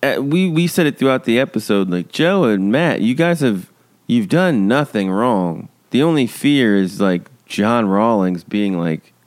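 A man's voice: on the low side, animated, measured pace. A man co-hosting a casual recap podcast, laid-back with wry asides. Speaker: podcast co-host recapping a TV series. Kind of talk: casual chat.

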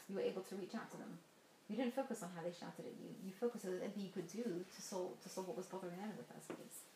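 A woman's voice: medium pitch, warm tone, reverberant, slight background noise. A woman giving a motivational talk to a live audience, telling stories with laughs and direct questions to her listeners. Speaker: motivational speaker.

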